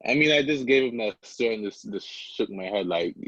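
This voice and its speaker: A man's voice: lowish voice, expressive, normal speed, a bit bright, no echo, muffled recording. A young man from Antigua, a podcast guest, chatting in an easygoing way with frequent laughs and fillers. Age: young adult. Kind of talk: casual interview chat.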